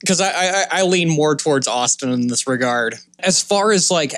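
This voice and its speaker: Man, podcast panelist, hedging, lively pitch, dry. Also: no echo. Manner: measured, hedging. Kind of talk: casual podcast discussion.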